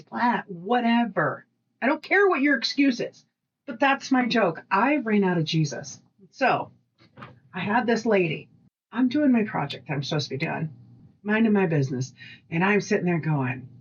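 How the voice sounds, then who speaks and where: A woman co-hosting a casual podcast, telling animated work stories, acting out voices and swearing freely. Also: medium pitch, normal speed, breathy edge, lo-fi sound. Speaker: podcast co-host. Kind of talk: casual storytelling chat.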